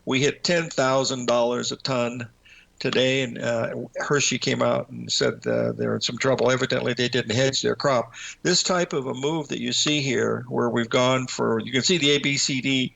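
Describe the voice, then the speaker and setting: Older male market host, heavy vocal fry, folksy and meandering delivery. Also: medium pitch, steady tone, moderate pace, fairly bright tone. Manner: folksy and rambling, addresses viewers as folks. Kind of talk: casual chart commentary with a told joke.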